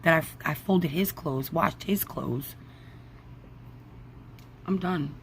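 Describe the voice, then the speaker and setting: A woman in her forties vents to her camera in a lowish voice, angry and worn out, swearing freely as she talks. A faint hiss of noise sits behind her. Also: slow pace. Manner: angry, profane, tired venting. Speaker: vlogger. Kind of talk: venting to camera.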